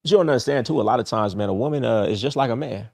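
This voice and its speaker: A man's voice: medium pitch, very fast, gravelly, a little mellow. A middle-aged man hosting a dating-advice livestream, talking casually in a blunt, profane, repetitive streetwise way.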